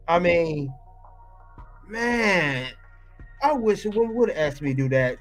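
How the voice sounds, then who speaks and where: A man's voice: on the high side, animated, moderate pace, faint music behind. A man hosting a reaction video, ranting and scolding as he comments on an interview clip.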